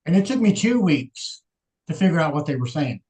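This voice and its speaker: A man's voice: on the high side, sing-song, brisk, a little mellow, low-quality recording. A man from Texas chatting casually as a livestream guest, easygoing and telling stories. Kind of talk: casual chat.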